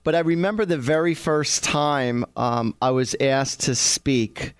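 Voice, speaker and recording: A man's voice: mid-range voice, measured pace, clear, resonant tone, dry recording. A man, a psychic medium, chattily telling funny stories and laughing often. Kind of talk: casual storytelling.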